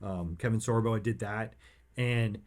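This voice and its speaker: A man hosting a motivational podcast, rambling through personal stories and growing excited and emphatic. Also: on the low side, moderate pace. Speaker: podcast host.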